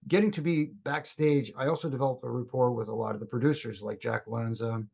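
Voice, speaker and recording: A middle-aged man, a former wrestling referee, telling lively stories as a guest on a casual podcast. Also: mid-range voice, brisk, gravelly, breathy edge. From Canada. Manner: lively anecdotal storyteller who acts out quoted dialogue.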